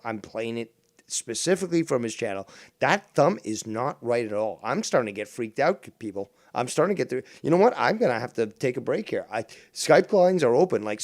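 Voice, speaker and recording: Gravelly man ranting in mock panic. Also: mid-range voice, no room sound, clean studio sound. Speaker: stream host. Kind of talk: casual livestream commentary.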